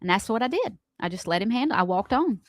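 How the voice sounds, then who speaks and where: A woman co-hosting a radio morning show, talking loudly and with lots of emotion in casual banter. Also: medium pitch, fast talker, no room sound. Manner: loud, animated, talks with emotion.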